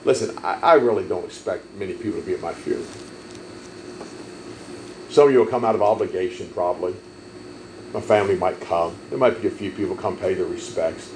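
A man preaching a sermon, telling stories emphatically and swelling loud on key lines. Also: sits low, a little fast, pauses often, a little hiss or hum, poor audio. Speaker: pastor.

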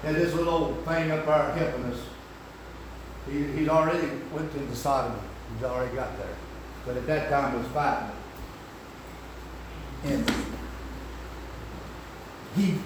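Older preacher man shouting in echoey hall. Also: on the high side, background noise. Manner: swings from shouted to hushed. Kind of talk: sermon. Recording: echoey room, distant mic.

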